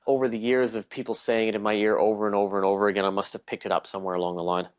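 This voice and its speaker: A young Canadian man with a slight Australian lilt, speaking in a fairly low voice. He talks in an easygoing, upbeat way, dropping in frequent "uh" fillers while he answers an interviewer's questions. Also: level tone, rapid-fire, clear, resonant tone. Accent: Canadian, with slight Australian touches. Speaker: guest, walking tour business owner. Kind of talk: remote interview.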